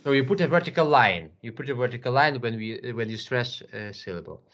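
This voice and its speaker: A man teaching English one to one, patient, repeating words slowly with many fillers. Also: mid-range voice, lively intonation, fairly bright tone, muffled recording. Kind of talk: online English lesson.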